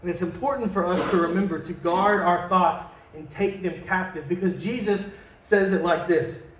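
Man, pastor, conversational sermon, high voice, mic set back in a roomy space. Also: normal speed, fairly bright tone, slight background noise. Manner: conversational, asks the congregation questions, jokes. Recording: echoey room from a distant mic.

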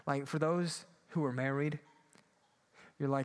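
A man preaching a sermon, moving between loud emphatic peaks and quiet low asides. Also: steady tone, unhurried, pauses often, clear, resonant tone. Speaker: pastor.

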